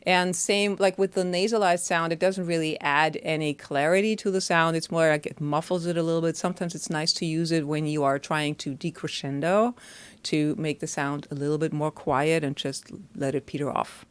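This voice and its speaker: A woman's voice: low voice, fairly even intonation, normal speed, clean tone. A woman voice teacher explaining singing technique in a chatty, step-by-step way, often checking in with the listener.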